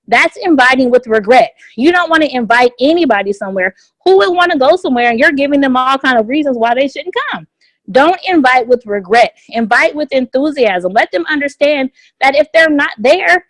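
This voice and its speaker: A woman with a fairly high voice gives an upbeat motivational training over a conference line. She drives her points home by repeating key phrases again and again. Her voice sounds dry and close, with no room echo. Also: brisk. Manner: energetic and repetitive, hammers home key phrases. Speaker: business opportunity trainer on a conference call. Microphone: phone conference line.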